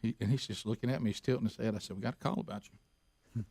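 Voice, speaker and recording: A man's voice: fairly low pitch, fast, vocal fry, breathy edge, no echo, studio quality. A man hosting a radio show, telling stories in a casual way and acting out the people in them. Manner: animated, acts out the people in his stories. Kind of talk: casual talk-radio storytelling.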